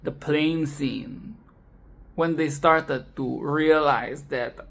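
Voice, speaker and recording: Laughing, exasperated young woman ranting. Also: deep voice. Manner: laughing, exasperated, swearing, animated outbursts. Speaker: film commentary channel host. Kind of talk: casual film rant.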